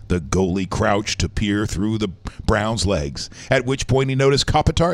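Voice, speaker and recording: A man runs through the day's news in a loose, rambling chat. His pitch swings widely as he reacts to stories. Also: animated, moderate pace. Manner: rambling, rough news rundown full of fillers. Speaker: host. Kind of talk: casual morning news chat show.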